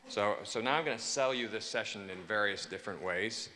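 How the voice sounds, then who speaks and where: A man with an English accent speaking to a conference audience, joking and persuasive, repeating his pitch for emphasis. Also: brisk, pushed and bright. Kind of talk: keynote speech to a conference audience. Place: large conference hall. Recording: long hall reverb.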